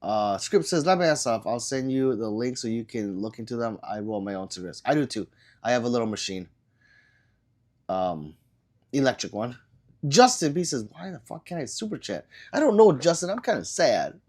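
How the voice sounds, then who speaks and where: Sick and coughing now and then, a man hosts a relaxed livestream, reading viewer comments aloud one after another. His mid-range voice swings widely in pitch at a moderate pace. His answers ramble and trail off, packed with ums and uhs.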